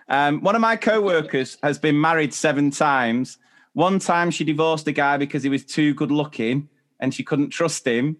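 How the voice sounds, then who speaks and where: A man's voice: fairly high pitch, moderate pace, fairly bright tone. A man in his thirties co-hosting a podcast, reading out stories and quizzing his co-host. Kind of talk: casual chat.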